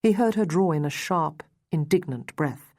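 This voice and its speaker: A woman reads a historical romance aloud in a steady, measured way. Her voice sits deep for a woman. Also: no room sound, studio quality. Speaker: audiobook narrator. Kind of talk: scripted narration.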